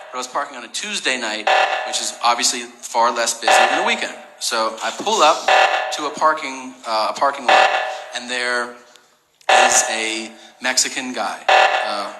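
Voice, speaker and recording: A man performing stand-up comedy on a club stage, telling a profane, animated story. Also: medium pitch. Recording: roomy live stage recording with crowd noise.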